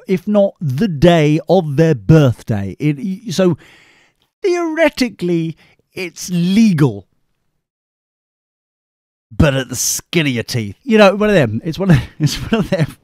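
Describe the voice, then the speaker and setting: A weary man hosts a live show, chatting in a rambling, scatterbrained way. His voice sits a little high and swings widely up and down. It is recorded close and dry, with no room sound. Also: darkish tone, dry recording. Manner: scatterbrained, rambling, self-deprecating. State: tired. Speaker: podcast host.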